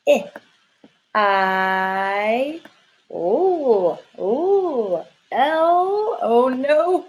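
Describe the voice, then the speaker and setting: A woman teaching a lesson to young children in a sing-song, encouraging way, drawing her words out. Her voice sits a little high, and she talks slowly and patiently, recorded on a laptop mic at home. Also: rough recording.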